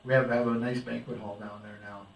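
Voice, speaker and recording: A man's voice: medium pitch, level tone, fairly quick, gravelly. An older man giving a rambling, folksy slide-show talk to a local group, chuckling at his own jokes. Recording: roomy, distant amateur recording with faint background noise.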